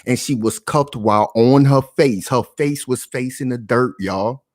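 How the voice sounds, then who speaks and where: A man's voice: mid-range voice, a little slow, darkish tone. A man giving casual reaction commentary, emphatic and full of street slang, often calling out to his viewers.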